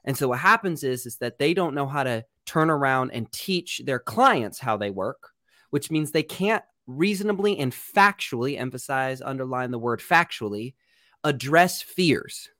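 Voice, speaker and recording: A man's voice: mid-range voice, lively intonation, normal speed, bright, forceful tone, no echo, clean studio sound. A man, a real estate coach and podcast guest, explaining his ideas boldly and emphatically. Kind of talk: podcast interview.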